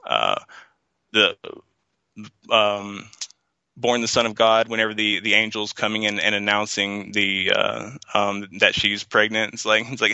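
A man's voice: on the low side, flat delivery, a little slow, creaky, sharp tone, smooth, no echo, highs cut off. A man in a casual podcast discussion, talking in a rambling way with many fillers and restarts. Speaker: podcast co-host.

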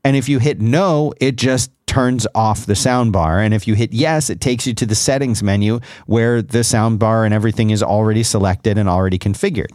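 A man's voice: on the low side, a little fast, few pauses, a little mellow, dry recording, studio quality. A man co-hosting a podcast, explaining gadgets in a rambling, self-correcting casual chat. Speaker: podcast co-host.

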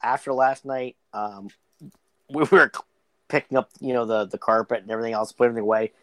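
A man's voice: mid-range voice, steady tone, fast talker, a bit bright, no room sound, poor audio. A man co-hosting a podcast, chatting casually with friends, rambling and joking with frequent restarts. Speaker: podcast co-host. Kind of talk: casual banter among friends.

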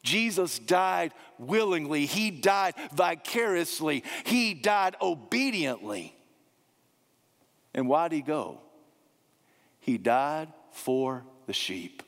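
A man's voice: on the high side, very animated, a bit bright. Guy preaching a sermon, leans hard on repeated lines, big reverby church sound. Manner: emphatic, slows down and repeats key phrases. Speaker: pastor. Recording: long hall reverb.

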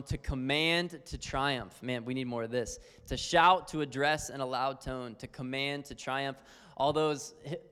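A man's voice: mid-range voice, a bit bright, smooth. A man teaching on worship in an earnest, conversational sermon style, full of fillers. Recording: long hall reverb.

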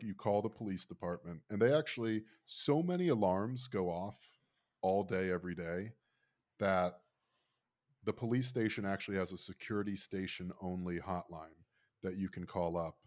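A man's voice: low voice, a little mellow. A man in his thirties, from Florida, telling a rambling, wry story in casual chat.

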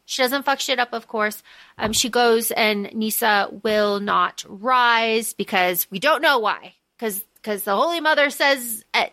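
A woman co-hosting a casual book-discussion podcast, recapping the plot in quick animated bursts. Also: on the high side, no room sound. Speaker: podcast co-host.

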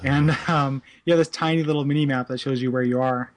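A man's voice: mid-range voice, steady tone. A man in his thirties co-hosting a casual chat, rambling with many "like"s and "you know"s and laughing easily. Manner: amused, quick to laugh. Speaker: podcast co-host. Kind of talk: casual chat about a video game.

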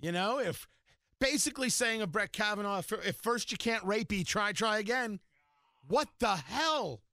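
A man's voice: sits high, normal speed, bright, forceful tone, dry recording, clean studio sound. A man hosting a talk radio show, delivering sarcastic, mocking political commentary.

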